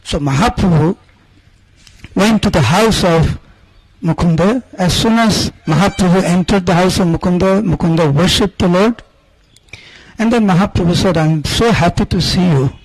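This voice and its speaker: A man with a high, husky voice tells a devotional story as a sermon. He retells it earnestly, and the recording sounds close and dry. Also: moderate pace, dry recording, rough recording. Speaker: preacher.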